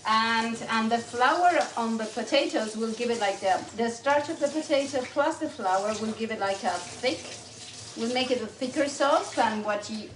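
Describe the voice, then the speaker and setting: A woman from Spain, chatting casually while cooking in a home kitchen and giving short, relaxed replies. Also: on the high side, normal speed, echoey room, background noise. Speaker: cooking video co-host.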